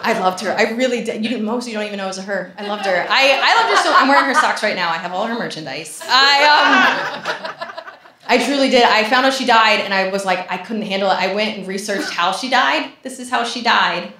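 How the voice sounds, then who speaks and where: A woman's voice: medium pitch, brisk, crowd noise. Sarcastic woman comic on an echoey stage. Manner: animated, sarcastic storytelling with sudden loud outbursts. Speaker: stand-up comedian. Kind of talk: stand-up comedy set. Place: comedy stage with a live audience. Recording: echoey live room with loud noise.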